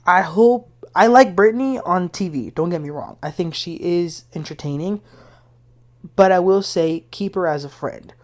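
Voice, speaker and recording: A woman's voice: on the low side, normal speed. A woman hosting a casual reality TV recap, talking in a blunt, opinionated, gossipy way. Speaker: TV recap host.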